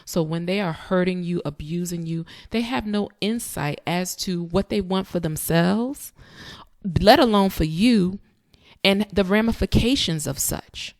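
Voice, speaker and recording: A woman's voice: fairly low pitch, measured pace, darkish tone. Emphatic woman commentating to viewers. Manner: emphatic, talks straight to viewers. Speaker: commentary host. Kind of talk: reaction commentary.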